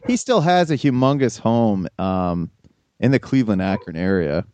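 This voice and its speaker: A man in his thirties hosts a casual podcast, his pitch moving a lot as he rambles. He talks in a relaxed way through plenty of ums and uhs, and the sound is dry and close. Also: normal speed, dry recording. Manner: relaxed, rambling, many fillers. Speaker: podcast host. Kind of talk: casual chat.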